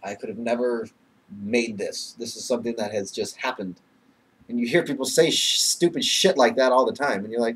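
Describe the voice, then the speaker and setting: A man's voice: medium pitch, moderate pace, fairly bright tone, husky. A young man talks into his webcam in a loose, rambling way, full of fillers and curse words. He sounds nervous and emotional, slipping into laughs between phrases, and his voice sits in an ordinary middle register. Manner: rambling, heavy swearing, many fillers. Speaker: vlogger. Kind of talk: casual webcam vlog.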